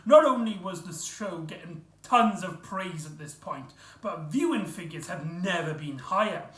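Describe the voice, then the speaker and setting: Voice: medium pitch, animated, unhurried, fairly bright tone. A vlog host talking in a chatty, rambling way, full of fillers and restarts. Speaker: vlogger host. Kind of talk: casual vlog review. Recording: echoey room.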